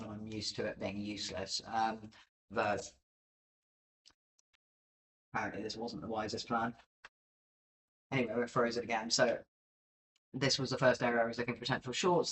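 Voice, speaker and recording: Low-voiced man rambling through charts. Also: a bit bright, distant mic, low-quality recording. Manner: rambling and self-deprecating, many filler ums. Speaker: livestream crypto chart analyst. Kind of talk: casual live-stream market commentary.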